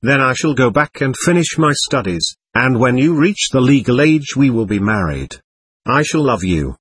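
A man reading the part of a gentle, earnest young man who speaks calmly and sincerely. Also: medium pitch, normal speed, breathy edge, dry recording. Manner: calm, sincere.

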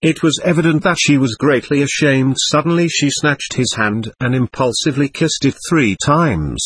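A man narrating a novel aloud in a measured, expressive reading. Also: mid-range voice, slightly rough, no echo. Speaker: audiobook narrator. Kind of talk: scripted narration.

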